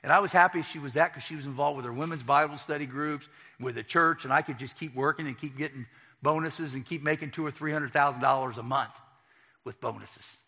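A man giving a personal testimony, animated and acting out each exchange. His voice is bright and forceful and sits a little high. It rings out in a large hall with a long reverb tail. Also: a little fast, breathy edge. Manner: animated storyteller acting out dialogue. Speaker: speaker telling his life story.

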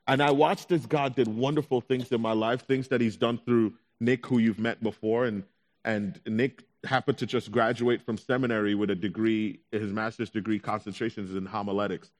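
A young adult man, a pastor, telling his own story in a sermon with animated delivery, acting out his anxious thoughts in quotes. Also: lowish voice, moderate pace. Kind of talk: sermon testimony.

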